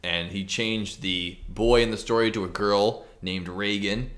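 Deep, bright-toned man cracking jokes. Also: fairly even intonation. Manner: quick wisecracks, banter. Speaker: podcast co-host. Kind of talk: casual podcast chat.

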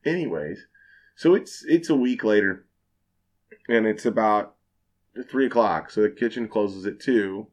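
A young man, a bartender, telling a wild story in casual podcast chat, animated and full of swearing. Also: on the low side, a little slow. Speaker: bartender guest.

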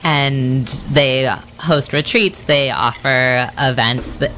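A man guest telling a story in a measured, deliberate way. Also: medium pitch, fairly even intonation, sharp tone, slight background noise. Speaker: podcast guest. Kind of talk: conversational storytelling.

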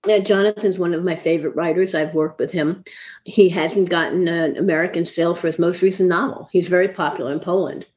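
A woman's voice: lowish voice, steady tone, fairly quick, darkish tone. An older woman, a fiction editor, chatting as a guest and laughing often, trailing off and restarting her sentences. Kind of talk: casual interview chat. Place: apartment.

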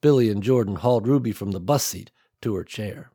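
A man narrating an action audiobook in a measured, dramatic way. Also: fairly low pitch, warm tone, slightly rough, no echo, studio quality.

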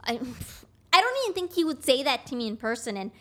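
A woman's voice: high-pitched, fast. A young woman guest on a podcast, a construction taper, talking bluntly and casually and acting out both sides of conversations as she tells stories. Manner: blunt, animated storyteller acting out dialogue.

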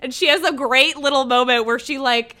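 A bright, animated woman co-hosts a podcast, recapping a TV episode in casual chat. Her voice is high-pitched and a little fast, and she laughs often and acts out the characters' lines.

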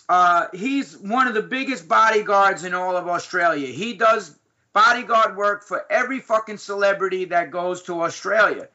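A man with a New York accent telling a story in casual, profane, animated chat. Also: high voice. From New York City. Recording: dull lo-fi sound.

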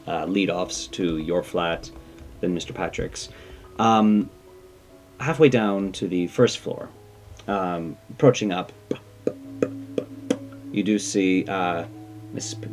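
A man's voice: sits low, a little mellow. A man narrating a tabletop game as game master, playful and chatty, with faint music underneath. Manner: playful, chatty, self-mocking.

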